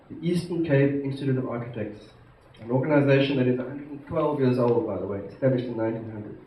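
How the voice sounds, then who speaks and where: A man from South Africa, an institute president giving a formal conference address, measured and emphatic, stressing key words. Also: medium pitch. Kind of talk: formal prepared speech to a conference. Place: large conference hall. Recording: echoey hall, distant mic, muffled, faint hiss.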